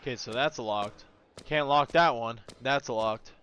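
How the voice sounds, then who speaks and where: A young man giving casual, profane commentary while playing a horror game, yelping and shouting when something startles him. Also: mid-range voice, unhurried, background noise. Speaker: gaming video creator.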